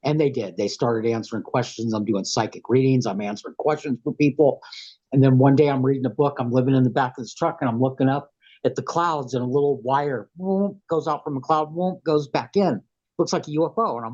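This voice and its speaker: A man's voice: medium pitch, fairly quick, darkish tone. A man with a head cold, a podcast guest telling his story in a plain-spoken, rambling way. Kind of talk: casual storytelling. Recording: dull, lo-fi sound.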